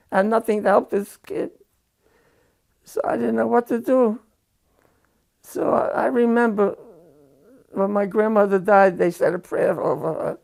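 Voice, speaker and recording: An older man giving a halting, emotional personal war testimony, repeating phrases as he recounts. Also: high-pitched, vocal fry, darkish tone.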